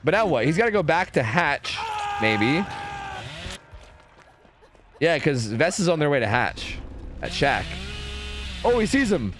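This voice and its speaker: A man streaming and casually commentating a competitive match, chatty and profane, thinking out loud. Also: a little high, big pitch swings, measured pace, long pauses, background noise.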